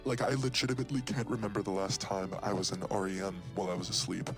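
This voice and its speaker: A man voicing a casual, opinionated monster in a game, ranting with mock seriousness and leaping up in pitch for emphasis. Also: quick pace, lightly acted. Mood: laid-back. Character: rambling casual male monster, easygoing and opinionated. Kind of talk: game character dialogue. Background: game music.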